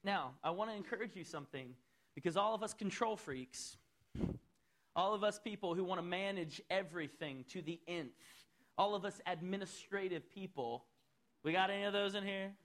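A man preaching a sermon as pastor in a church, swinging between loud, rising appeals and soft, low asides. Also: moderate pace.

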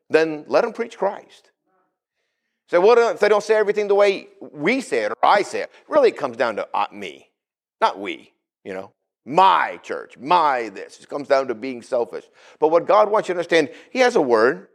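A man preaches to his congregation in a church. His voice sits a little high and swoops widely as he talks. He acts out scenes from scripture with sudden jumps in his voice. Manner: animated, acts out Bible figures with sudden pitch jumps. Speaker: pastor. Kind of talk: sermon.

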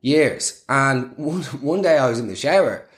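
A man's voice: medium pitch, expressive, measured pace. Rambling young man telling a story. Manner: rambling, self-deprecating, full of fillers. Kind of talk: casual comic storytelling.

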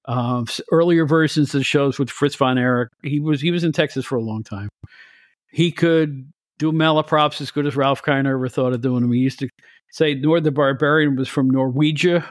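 A man chatting on a podcast as a guest, telling stories in an animated, opinionated way with frequent restarts. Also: medium pitch, moderate pace, dry recording, studio quality. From United States. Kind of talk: casual chat.

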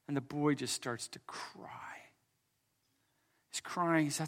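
A pastor preaching a sermon in a slightly raised voice. He tells a story and moves from loud, emphatic lines to quiet, hushed ones. Now and then he jokes with the congregation. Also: a little high, unhurried, long pauses.

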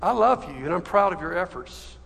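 A man voicing God the Father, speaking gently and reassuringly. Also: high voice, expressive, a little fast, vocal fry, slightly rough, full character voice. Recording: long hall reverb.

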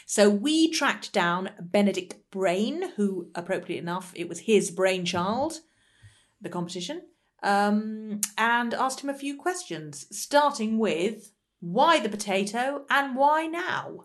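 Woman podcast co-host, chatty and brisk. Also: mid-range voice, animated. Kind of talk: podcast presenting.

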